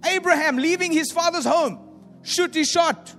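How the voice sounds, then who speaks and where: A man preaching a sermon in a large hall, animated, acting out the voices of doubters and swinging from loud declarations to hushed asides. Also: extremely high pitch, normal speed. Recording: echoey hall with faint music.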